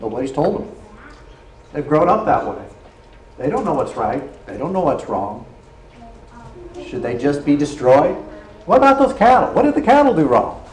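A man's voice: fairly high pitch, very animated, moderate pace, long pauses, darkish tone. A man preaching a sermon earnestly, often checking in with his listeners, in a roomy church hall. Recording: roomy hall echo, faint noise.

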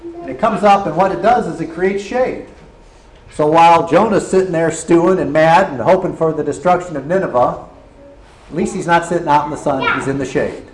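A man's voice: fairly high pitch, brisk. Earnest male preacher in an echoey hall. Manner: earnest, checks in with listeners. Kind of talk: sermon. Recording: roomy hall echo, faint noise.

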